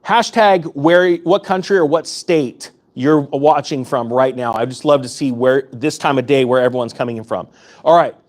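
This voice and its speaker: Speaking in a mid-range voice at normal speed, a man gives passionate, urgent finance commentary directly to camera as a YouTube host, hammering points home by repeating them.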